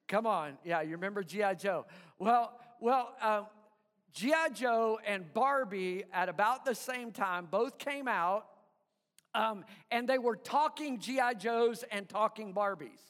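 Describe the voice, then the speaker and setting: Brief: male pastor, unhurried storytelling sermon, long hall reverb. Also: sits high, fairly bright tone. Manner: storytelling, chuckling, halting restarts.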